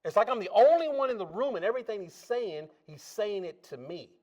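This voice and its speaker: A man giving his testimony during a church service, telling his story in a casual, folksy way and swinging between loud and hushed as he acts out each scene. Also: sits high, animated, fairly quick.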